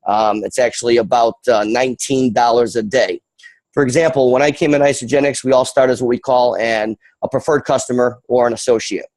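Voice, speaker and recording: A man from Western New York giving an energetic, rambling sales presentation on a video call, full of fillers and asides. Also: mid-range voice, brisk, dry recording, rough recording. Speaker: guest presenter.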